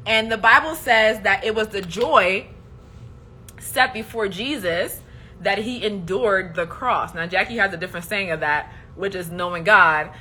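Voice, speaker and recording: A woman's voice: medium pitch, unhurried, pushed and bright, a little hiss or hum. A woman hosting a casual faith livestream, speaking in an emphatic, preachy way and often checking in with "okay?". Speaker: host.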